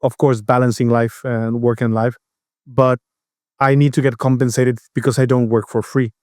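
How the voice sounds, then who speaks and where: A man's voice: mid-range voice, level tone, a little mellow, no room sound, clean studio sound. A man co-hosting a podcast, telling a story in casual chat with many restarts and acting out the other voices. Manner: storytelling, halting with restarts, acts out quoted voices. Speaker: podcast co-host.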